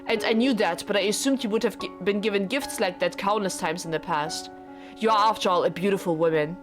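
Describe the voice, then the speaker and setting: An earnest, formal young husband pleads with his wife in stiff old-fashioned phrases, as a woman reads him aloud. His voice sits at a middling pitch. Game music plays clearly beneath the visual novel dialogue. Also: a little fast, close to an everyday voice. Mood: pleading.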